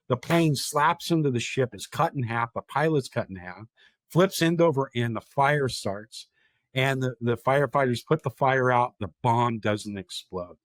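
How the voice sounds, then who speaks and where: A man's voice: mid-range voice, dry recording. Dry-voiced man telling a vivid story. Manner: dramatic, vivid storyteller who quotes people directly. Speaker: guest, historic park chief of staff.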